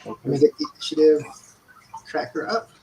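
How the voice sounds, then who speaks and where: A man running an online tabletop game as game master, talking in a relaxed, halting way with many fillers. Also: on the high side, creaky, background noise.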